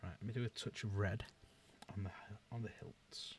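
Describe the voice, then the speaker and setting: A man's voice: fairly low pitch, fairly even intonation, moderate pace, slight background noise. A man, chatting casually and muttering to himself as he paints miniatures. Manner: mutters softly to himself while working. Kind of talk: casual chat while painting. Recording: distant mic, loud music behind.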